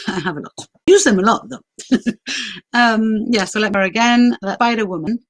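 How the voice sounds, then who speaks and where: A woman's voice: a little high, steady tone, measured pace, no room sound, rough recording. A woman hosting a live stream in casual chat, with a mixed international accent whose first languages are French and Greek, laughing often and using many fillers. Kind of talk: casual livestream talk.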